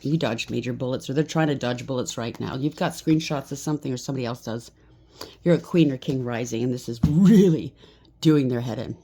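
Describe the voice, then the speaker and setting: Woman tarot reader, low mellow voice, blunt and chatty, faint noise behind. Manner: blunt, chatty, swears freely. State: slightly out of breath. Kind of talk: solo tarot reading.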